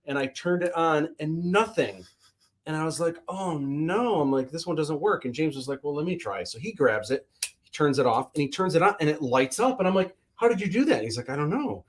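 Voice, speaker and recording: A man hosting a livestream, chatting casually and telling stories with lively acted quotes. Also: fairly high pitch, fairly quick. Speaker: livestream host. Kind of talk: casual chat.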